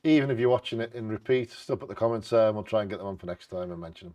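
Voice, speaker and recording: A man co-hosting a live bingo stream, chatting casually and reading out bird facts with quick jokey asides. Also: lowish voice, a little mellow. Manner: jokey, quick asides between read passages.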